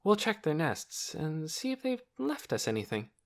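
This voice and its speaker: A man voicing a weary, kindly middle-aged woman doctor who speaks slowly. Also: a little high, huge pitch swings, voice pushed up. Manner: weary and slow.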